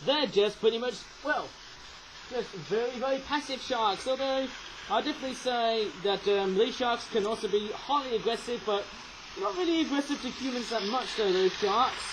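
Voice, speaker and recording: Very high-voiced rambling man. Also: normal speed. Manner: rambling, chatty, tags lines with "eh?"; raising his voice over train noise. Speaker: toy reviewer. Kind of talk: casual rambling toy review. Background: toy train running.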